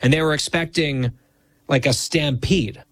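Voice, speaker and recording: A man hosting a radio talk show, bantering casually in a teasing, deadpan way into a studio mic. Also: fairly high pitch, measured pace, no room sound.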